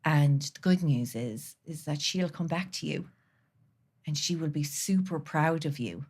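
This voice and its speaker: A woman guest on a podcast, speaking earnestly and from the heart, sometimes dropping to a soft near-whisper. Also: sits low, measured pace, husky. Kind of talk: candid conversational interview.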